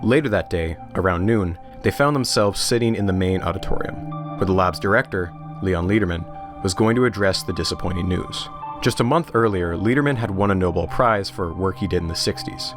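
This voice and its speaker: A man with a fairly low voice narrates a documentary from a script. He tells the story in a measured way, slipping in dry humor. Clear music runs behind his voice.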